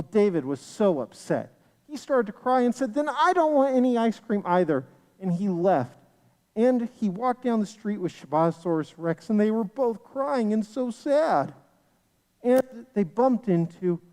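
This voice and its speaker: Lively storyteller in an echoing hall. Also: medium pitch, unhurried. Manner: animated, sing-song storytelling. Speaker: storyteller at a congregation livestream. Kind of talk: children's story narration. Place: synagogue sanctuary.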